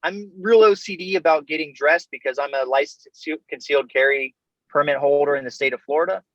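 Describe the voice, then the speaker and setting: Male guest, high-pitched, casual storyteller who laughs easily; dull, dead-dry remote recording. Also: fairly quick, a bit bright, dry recording. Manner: easygoing and chatty, laughs often, says man and bro. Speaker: interview guest, Army veteran.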